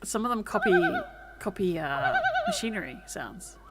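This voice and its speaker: A woman with an Australian accent, streaming casual reaction commentary with exclamations, free swearing and quick stories. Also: medium pitch, huge pitch swings, very noisy. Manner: exclamatory, swears freely, storytelling.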